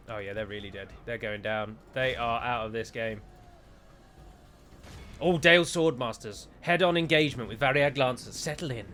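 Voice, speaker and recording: A man's voice: medium pitch, moderate pace, pushed and bright, slight background noise. A man giving joking, rambling let's play commentary on a strategy game, with a sarcastic streak.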